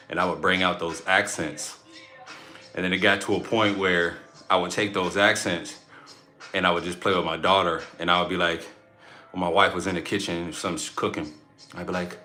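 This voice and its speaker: A man in his thirties chats loosely on his live stream, rambling and breaking into laughter as he talks. His voice sits fairly low. The room is roomy and echoey, with faint music playing behind him. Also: sharp tone. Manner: rambling, playful, laughs often. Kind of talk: casual live-stream chat.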